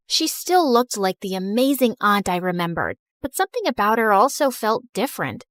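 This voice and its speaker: A young woman narrating a first-person story in a scripted, confessional, expressive manner. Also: mid-range voice, normal speed, hardly any pauses, no room sound, clean studio sound.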